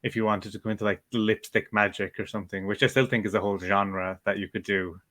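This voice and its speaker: A man's voice: lowish voice, level tone, fast talker, fairly bright tone. A man hosting a podcast, chatting easygoing and rambling, with short agreeing replies. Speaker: podcast host. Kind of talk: casual interview chat.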